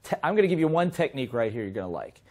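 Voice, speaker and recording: A middle-aged man teaching a sales seminar in a lively way, often asking his listeners questions. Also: mid-range voice, very fast. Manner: lively, asks the audience questions. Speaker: sales trainer.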